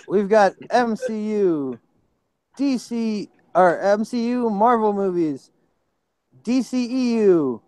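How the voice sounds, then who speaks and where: A man with a high, smooth voice runs a movie trivia quiz, reading each question out and shouting his delight at a good answer. He is quick to apologize when he flubs a name, and the sound is close and dry. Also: dry recording. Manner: excitable, apologetic about slips. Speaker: quiz host.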